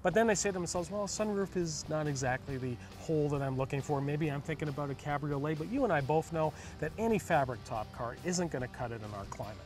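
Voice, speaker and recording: A man's voice: on the high side, quick pace, few pauses, a little mellow, soft background music. A man co-hosting a car review show, explaining features in an enthusiastic, chatty way.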